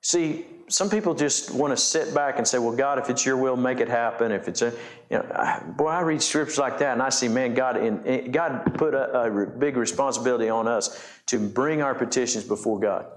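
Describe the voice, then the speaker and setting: A man's voice: mid-range voice, normal speed, roomy sound. A man preaching a sermon as pastor, asking the congregation questions and often repeating and restarting his phrases. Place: church.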